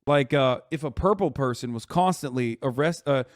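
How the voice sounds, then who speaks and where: A man's voice: mid-range voice, moderate pace, no echo, studio quality. A man streaming a reaction video, mocking and laughing at what he watches and swearing freely. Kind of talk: casual reaction commentary.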